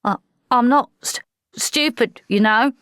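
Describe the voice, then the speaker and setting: A woman's voice: fairly high pitch, a little slow, no echo, studio quality, pitched above the performer's own voice, close to an everyday voice. A woman voicing a nervous young male recruit who stammers and trembles as he speaks. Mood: shaky.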